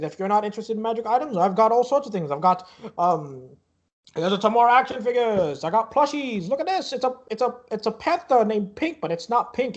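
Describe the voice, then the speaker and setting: A man playing a loud cheery carnival barker. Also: sits high, dull audio, pitched above the performer's own voice.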